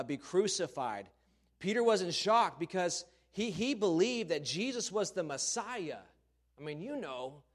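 A preacher delivering a sermon in an emphatic storytelling manner. His fairly high voice rises and falls widely as he leans into key phrases.

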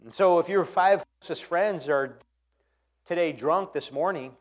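A man preaching a sermon, swinging between quiet, earnest passages and loud, impassioned ones. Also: on the high side, unhurried. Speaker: pastor.

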